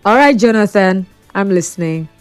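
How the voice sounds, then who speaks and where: A woman's voice: medium pitch, animated, moderate pace, clear, resonant tone, dry recording, faint music behind. A Nigerian woman hosting a phone-in radio talk show, chatty and teasing, often laughing.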